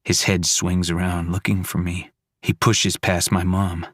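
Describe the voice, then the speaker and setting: A man narrating a first-person horror audiobook in clipped, fragmented, hushed sentences. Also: deep voice, level tone, measured pace, dry recording, clean studio sound.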